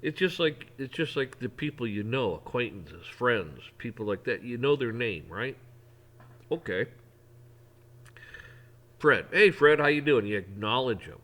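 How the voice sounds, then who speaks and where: A man's voice: medium pitch, expressive, normal speed, a bit bright. A middle-aged man talking in a casual, folksy way, rambling through an opinion monologue with frequent restarts. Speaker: vlogger.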